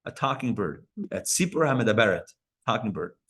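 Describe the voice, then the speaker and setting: A rabbi giving a live Torah lecture to an audience at a community center, talking in a conversational way with playful asides to the listeners. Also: male voice, on the low side, lively intonation, brisk, fairly bright tone. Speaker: rabbi teaching a class.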